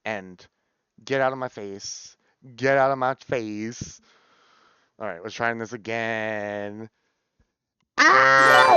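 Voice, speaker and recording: Excitable swearing male streamer, lively pitch. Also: clear, resonant tone, dry recording. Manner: excitable, swears, repeats words in runs. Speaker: variety streamer. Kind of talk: casual live stream chat. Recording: dull lo-fi stream audio.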